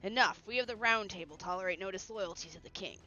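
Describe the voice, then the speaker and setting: A stern, formal male knight who allows no disloyalty, as a woman reads him. The delivery is measured and formal, on a bright, sharp tone. Faint music plays under dull stream audio. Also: medium pitch, lightly acted.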